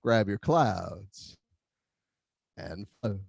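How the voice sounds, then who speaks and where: Male tai chi instructor, unhurried cues with an animated lilt, dry room sound. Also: on the low side, gravelly, husky, no room sound. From Philadelphia area. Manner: calm cueing with playful whoops. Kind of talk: guided online movement class.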